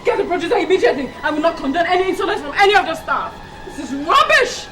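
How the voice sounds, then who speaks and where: An actress playing a vain, haughty young celebrity who scolds and makes dramatic demands. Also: female voice, extremely high pitch, very animated, fast, crowd noise, poor audio. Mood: furious. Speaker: famous actress character. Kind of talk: film drama acting. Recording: film soundtrack with music behind.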